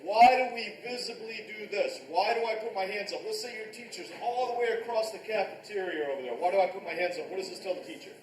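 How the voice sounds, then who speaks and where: A man teaching a live karate class, barking short commands and shouting counts, recorded in a restaurant event space from a distance. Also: high voice, quick pace, few pauses, background noise. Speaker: martial arts instructor. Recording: echoey room, picked up from far off.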